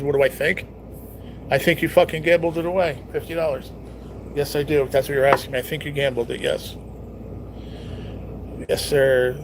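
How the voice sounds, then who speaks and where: This young man's voice is a little high, with a steady tone, normal speed, and long pauses over background noise. He's streaming casually at home, reading comments from viewers and joking around easygoingly with lots of profanity.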